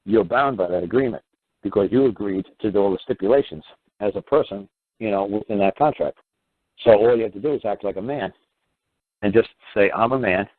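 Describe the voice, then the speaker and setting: A man's voice: on the low side, no echo. A middle-aged man hosting a call-in show, giving blunt, rambling advice and swearing freely. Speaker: host. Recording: tinny phone-like audio.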